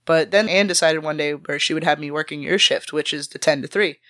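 Podcast guest, woman: lively, profane storyteller, dry close recording. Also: low voice, fairly quick, no echo. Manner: animated, swears freely, acts out quotes. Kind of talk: casual storytelling chat.

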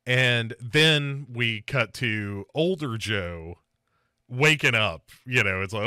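A man's voice: medium pitch, lively intonation, slow, sharp tone, no room sound, studio quality. A man hosting a podcast, talking through a movie in a loose, rambling way with lots of fillers and restarts. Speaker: podcast host. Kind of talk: casual podcast movie discussion.

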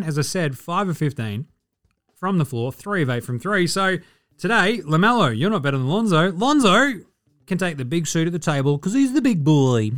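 A young Australian man hosting a podcast, chatting about sport with lots of swearing and sarcastic jokes. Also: on the high side. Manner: swears a lot, sarcastic and animated. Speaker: podcast host. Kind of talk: casual sports chat.

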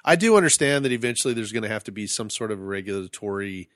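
Laughing, animated male storyteller. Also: on the low side, quick pace, dry recording, clean studio sound. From Phoenix area. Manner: animated storyteller, laughs often, acts out quotes. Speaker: podcast co-host. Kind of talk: casual chat.

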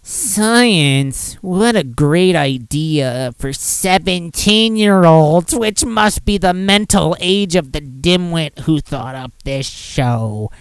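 Man putting on an indignant Irish commenter, slow, sneering, higher pitch, dry close sound. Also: animated, smooth, no echo. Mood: scornful. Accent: put-on Irish.

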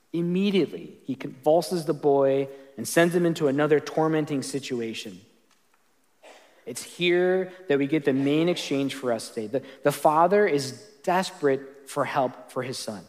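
A man's voice: a little high, a little mellow, long reverb tail. A man preaching a sermon as pastor, earnest and conversational, often restarting his sentences.

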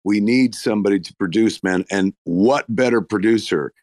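A man speaking in a low register, gushing and swearing freely as a guest in casual chat. He talks in bursts full of restarts. The mic is close and dry, with no room around him. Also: normal speed, a little mellow, no echo. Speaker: guest filmmaker on a live audio stage.

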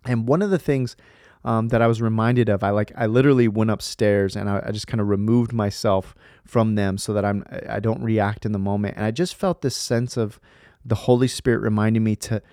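A man's voice: on the low side, steady tone, brisk, a little mellow, no room sound, clean studio sound. A man in his thirties hosting a faith podcast, talking earnestly and rambling with fillers and restarts. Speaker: podcast host. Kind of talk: casual faith podcast talk.

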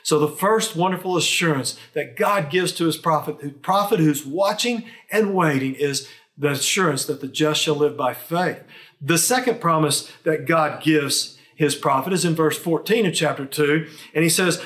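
Guy preaching a sermon, kinda high voice, earnest, leans hard on his points. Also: normal speed, fairly bright tone. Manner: earnest, emphatic preaching with rhetorical questions. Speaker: pastor.

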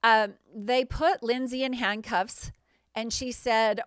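A woman's voice: fairly high pitch, steady tone, takes it slowly, clear, resonant tone, dry recording, studio quality. A middle-aged woman hosting her show, recounting events in an indignant, sarcastic way. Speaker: host. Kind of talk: personal account monologue.

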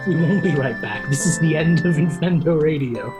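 A man's voice: a little high, over music. Jokey podcast co-host, man. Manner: upbeat, jokey, quick to laugh. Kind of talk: casual chat.

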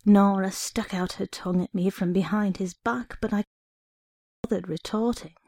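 A woman reading a short story aloud in the first person, steady and wry. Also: mid-range voice, moderate pace, no echo, clean studio sound. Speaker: reader.

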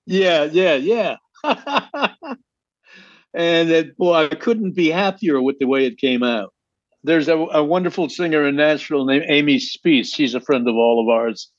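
A man's voice: fairly high pitch, measured pace, no echo. A man, a guest songwriter, chatting in an interview, laughing often and speaking with emphasis. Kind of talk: casual interview chat. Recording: dull lo-fi, dry sound.

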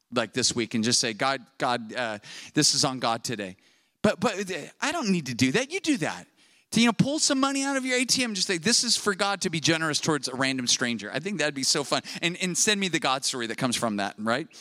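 A middle-aged male pastor preaching a sermon, telling a story with animated acted-out dialogue. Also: medium pitch, no echo.

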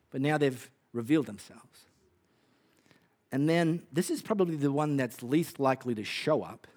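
A man's voice: mid-range voice, darkish tone. A man with an Australian accent preaching a sermon in a conversational, punchy way with wry humor. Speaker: pastor.

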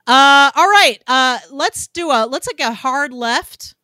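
A woman hosting a casual film podcast, animated and swearing freely, with lots of "like". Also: high voice, no echo, clean studio sound. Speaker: podcast host.

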